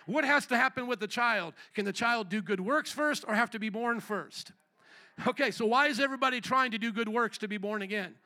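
A man's voice: very high-pitched, fairly quick, bright, forceful tone. A man preaching a sermon to a congregation, leading call-and-response and asking the room questions. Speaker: pastor. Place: church hall with congregation.

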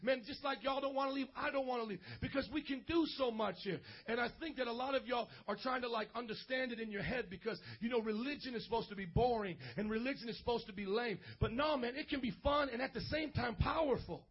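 High husky preacher dude hyping up a church crowd, slangy, shouts a lot, muffled lo-fi audio. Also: male voice, fast talker, hardly any pauses. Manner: energetic, slangy, bursts into shouts. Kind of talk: lively youth sermon. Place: church service.

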